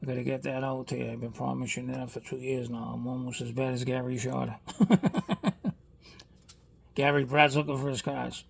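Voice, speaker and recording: A man's voice: medium pitch, creaky. A man from Boston with a Boston accent, chatting casually and rambling in a vlog. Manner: rambling, chatty, frequent "you know what I mean". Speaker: toy car customizer vlogger.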